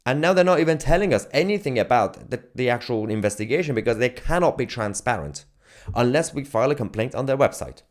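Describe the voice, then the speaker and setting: A man's voice: mid-range voice, animated, fast. A male independent journalist making an indignant, insistent statement and listing his demands. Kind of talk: impassioned statement to camera.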